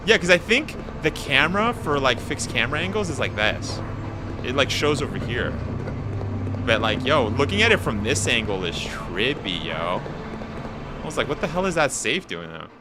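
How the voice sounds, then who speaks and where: Excitable streamer man in his thirties. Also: mid-range voice. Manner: excitable, animated, slangy, quick restarts. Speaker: game streamer. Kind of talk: casual live gaming commentary. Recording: steady background noise.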